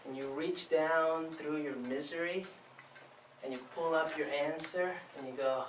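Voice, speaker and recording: A man from Venezuela giving a prepared contest speech to a live audience, telling his story with expressive, dramatic pauses. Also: fairly high pitch. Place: club meeting room before a live audience. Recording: echoey room, distant mic, faint noise.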